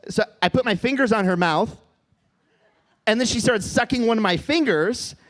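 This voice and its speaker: A man in his thirties from the Midwest doing a stand-up set on a club stage, talking in a deadpan, halting way with frequent restarts. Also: high-pitched. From Midwest United States. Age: 30s. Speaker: stand-up comedian.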